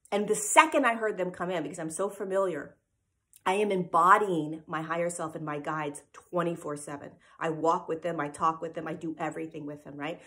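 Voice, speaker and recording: A woman's voice: fairly low pitch, fairly quick, fairly bright tone. A woman giving an informal spiritual teaching talk, earnest and emphatic, who keeps checking in with her listeners by asking "right?" after her points. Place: live event replay.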